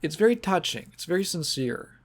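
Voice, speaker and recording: A man hosting a podcast, talking in a halting, sentimental way and fighting back tears. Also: high voice, very animated. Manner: halting, sentimental, restarts often. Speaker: podcast host. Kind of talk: casual podcast monologue.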